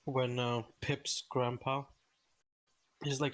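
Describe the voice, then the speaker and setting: Animated, swearing man chatting. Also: fairly high pitch, a little slow. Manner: animated, swears freely, jokey storytelling. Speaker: co-streamer. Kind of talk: casual chat.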